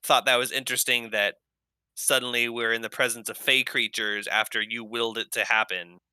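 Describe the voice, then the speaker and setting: A man's voice: medium pitch, level tone, brisk, bright, forceful tone, clear, resonant tone, no echo. A man talking in character as a tabletop player, reasoning aloud at length.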